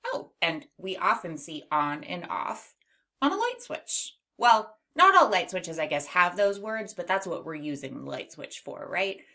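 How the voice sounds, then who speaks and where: A woman teaching a children's phonics lesson, slowly stretching out and modeling each sound. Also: fairly low pitch, very animated, pushed and bright. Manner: slow, exaggerated sound modeling.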